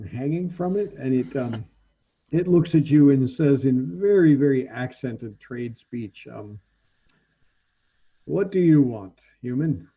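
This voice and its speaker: A game master narrates a tabletop role-playing scene in halting speech packed with ums. His medium-pitched voice has a breathy edge, and the audio sounds narrow and tinny.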